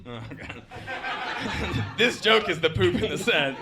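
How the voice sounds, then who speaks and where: Excitable man doing stand-up crowd work. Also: high-pitched, slow, pauses often. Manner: energetic crowd work, laughing through lines. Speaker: stand-up comedian. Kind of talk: stand-up set.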